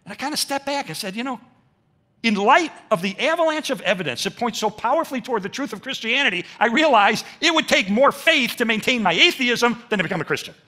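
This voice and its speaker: Animated older man giving a sermon. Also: very high voice, fast. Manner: animated storytelling, acts out quotes. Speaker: speaker at a church. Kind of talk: testimony sermon.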